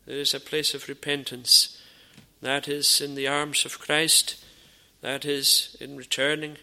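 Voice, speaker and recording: A man preaching a sermon in an earnest, measured way, with frequent pauses and repeated phrases. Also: mid-range voice, monotone, bright, forceful tone. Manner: drops to a near whisper in dramatised dialogue.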